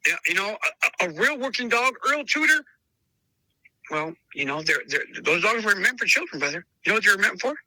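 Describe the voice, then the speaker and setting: A man's voice: high voice, sing-song, brisk, pushed and bright, no echo, rough recording. A man who breeds dogs, telling stories in a casual interview and acting out both sides of past conversations, often calling the listener brother. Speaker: dog breeder.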